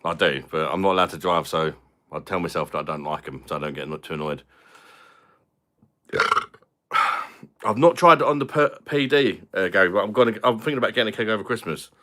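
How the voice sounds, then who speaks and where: A British man hosting a relaxed live stream, talking over drinks and reading out comments from viewers. His voice sits low, yet it has a bright, forceful edge. He chats loosely and swears freely. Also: fast talker. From London. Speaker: beer review channel host. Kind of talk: casual live-stream chat.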